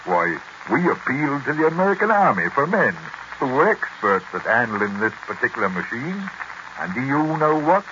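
An actor playing a folksy English farmer. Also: male voice, medium pitch, sing-song, normal speed, background noise, lightly acted. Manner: folksy, anecdotal storytelling. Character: chatty, proud English farmer. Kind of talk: 1940s radio acting. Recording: dull lo-fi 1940s radio recording.

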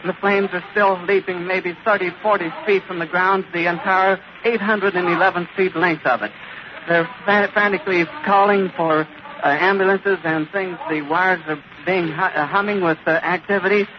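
Man, radio reporter, out of breath, stammering and distraught, very high strained voice, scratchy old recording. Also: steady tone, normal speed. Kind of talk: live eyewitness commentary. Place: airfield outdoors. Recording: scratchy, muffled 1930s archival recording.

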